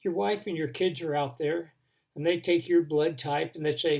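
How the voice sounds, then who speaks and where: A man telling a dramatic devotional story, building tension and then dropping to a hush. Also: a little high, steady tone, moderate pace, vocal fry. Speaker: devotion speaker.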